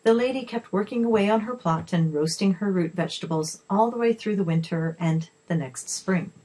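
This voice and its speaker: A woman reading a children's story aloud in a steady, expressive way. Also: mid-range voice, moderate pace, poor audio.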